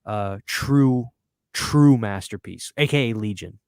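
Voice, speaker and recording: A man hosting a podcast and chatting casually, excitable and profane, stumbling over repeated words when he gets worked up. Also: lowish voice, takes it slowly, clean tone, dry recording, studio quality. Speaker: podcast host. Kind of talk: casual chat.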